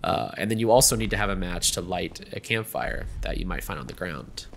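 Young guy talking over gameplay, laid back, lots of ums, lowish voice, faint hiss behind. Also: brisk, vocal fry. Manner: relaxed, chatty, many ums and you-knows. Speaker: gameplay video host. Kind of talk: casual gameplay commentary.

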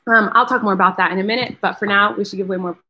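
An earnest woman hosts a live charity fundraiser in a casual, chatty way. She thanks donors one by one. Her voice sits in a middle pitch and she sounds close to tears. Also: fairly even intonation, very fast, sharp tone. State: tearful, close to crying. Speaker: host of a charity fundraiser livestream.

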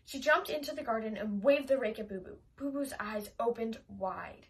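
A woman reading a children's chapter book aloud in a lively, expressive way. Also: fairly high pitch, moderate pace. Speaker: audiobook reader. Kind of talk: storybook read-aloud.

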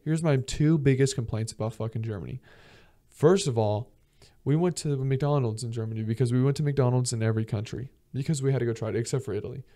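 A young man from Georgia hosting a podcast, telling travel stories in a casual, profane, animated way and acting out the people he quotes. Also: mid-range voice. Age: young adult. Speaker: podcast host. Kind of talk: casual storytelling monologue.

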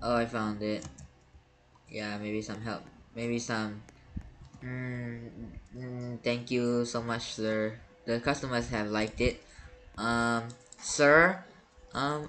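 A man's voice: medium pitch, fairly even intonation, slow, pushed and bright. A man giving gameplay commentary as a YouTuber, panicky and stammering, repeating words over and over. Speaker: gaming YouTuber.

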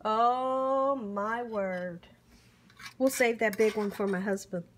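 Slow, exuberant woman tasting her cooking. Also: a little high. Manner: exuberant, savoring with hums and whoops; warm churchy exclamations and blessings. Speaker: cooking vlogger. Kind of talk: casual food tasting vlog.

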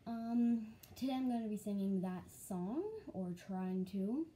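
A woman's voice: mid-range voice, measured pace, mellow. A woman hosting a casual vlog, talking chattily and directly to her viewers. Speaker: channel host.

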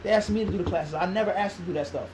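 A man telling a long story as an interview guest, animated, acting out quoted dialogue and throwing in rhetorical questions. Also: sits high, very fast, noisy background.

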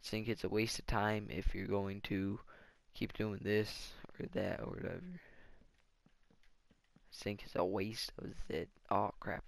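A man's voice: lowish voice, flat delivery, measured pace, creaky. A man giving casual let's-play commentary, rambling and thinking aloud as he plays. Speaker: gaming channel host.

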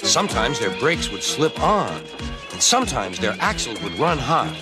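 A man narrating a children's storybook in a lively, expressive way, with music behind. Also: mid-range voice, normal speed. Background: background music.

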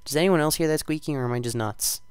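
A man's voice: a little high, quick pace, smooth, dry recording. Rambling teenage boy narrating gameplay. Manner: self-deprecating, rambling, with sudden loud outbursts. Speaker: gaming channel host. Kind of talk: casual gameplay commentary.

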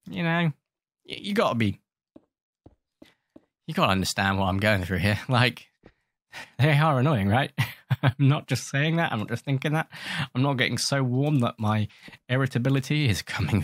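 This gaming host's fairly low, slightly bright voice comes through with no room sound. Scolding the creatures in his game, he keeps up a loose stream of jokey, self-mocking commentary.

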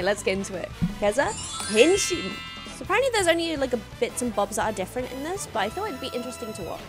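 A high-voiced woman reacting to a show as she watches it, her pitch swinging all over as she gushes and exclaims. The show's music runs faintly behind her. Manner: emotional, gushing, exclaims and laughs often. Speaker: reaction video host. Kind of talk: casual reaction commentary.

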